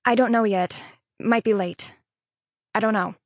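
A woman's voice: a little high, steady tone, measured pace, no room sound, studio quality, voice pushed down. A woman voicing a tired, clipped mother. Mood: weary. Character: tired impatient working mother.

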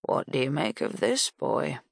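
A woman doing a brisk old lady in a storybook, low voice, slow and dry. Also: sing-song, vocal fry, no echo, full character voice. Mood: puzzled. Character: elderly woman, sharp-minded former wartime agent.

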